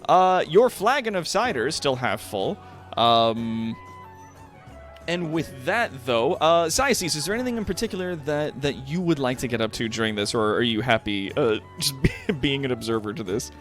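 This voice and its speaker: A man's voice: mid-range voice, very animated, normal speed, a bit bright, soft background music. A man narrating a tabletop game as game master, casual with many fillers.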